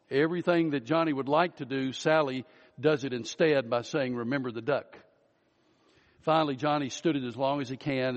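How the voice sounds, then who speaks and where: A pastor preaching an Easter sermon, telling a story and slowing down and rising for emphasis. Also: male voice, mid-range voice. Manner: storytelling, slows down and rises for emphasis. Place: church sanctuary. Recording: dull audio with long hall reverb.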